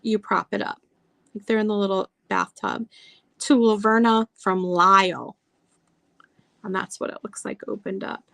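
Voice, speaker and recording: This woman talks briskly with a flat delivery, a mid-range voice, and vocal fry, and there's no room sound. She's selling vintage items in a casual live sale online, chatting, pausing over details, and reading old card verses aloud.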